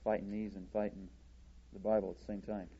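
A man preaching a sermon from a church podium, deliberate and halting, with frequent restarts. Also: lowish voice, level tone, breathy edge, dull audio.

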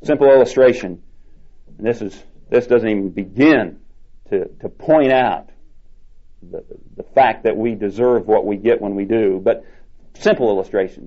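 A man preaching a sermon, emphatic and repeating key words with slow, drawn-out stresses. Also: medium pitch, mellow, highs cut off.

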